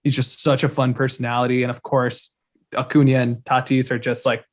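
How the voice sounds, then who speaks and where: A man's voice: medium pitch, little pitch movement. A young man co-hosting a podcast, talking with enthusiasm and stopping often to restart. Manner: enthusiastic, halting, many restarts. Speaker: podcast co-host. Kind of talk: casual chat.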